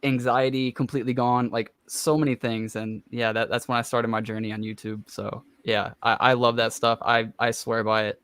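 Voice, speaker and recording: A man hosting a podcast, telling a long personal story in an excited, rambling way full of fillers. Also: mid-range voice, moderate pace, hardly any pauses, clear, resonant tone, no room sound. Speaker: podcast host. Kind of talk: casual chat.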